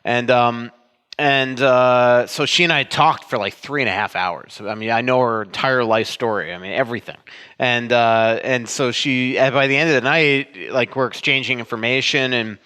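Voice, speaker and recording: A man from Florida, a sports writer and co-host, telling a meandering, animated story in casual podcast chat. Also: mid-range voice, normal speed, clear, resonant tone. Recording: long hall reverb.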